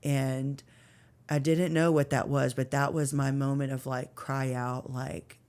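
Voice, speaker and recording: A woman's voice: very deep voice, level tone, unhurried, darkish tone. A woman in her thirties telling an earnest, emotional story of faith and struggle as a podcast guest, with many fillers. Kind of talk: personal faith testimony.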